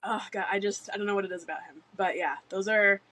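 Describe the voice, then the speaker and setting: A woman's voice: mid-range voice, fairly even intonation, quick pace, bright, forceful tone, no room sound. A woman co-hosting a podcast in casual chat, laughing often, swearing freely and acting out characters' lines. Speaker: podcast co-host.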